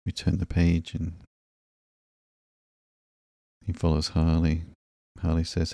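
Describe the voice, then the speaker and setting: A man hosting a podcast, narrating comic books slowly and drowsily in a calm, unhurried way. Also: rumbling low, no echo, clean studio sound. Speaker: podcast host. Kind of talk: slow, sleepy comic book narration.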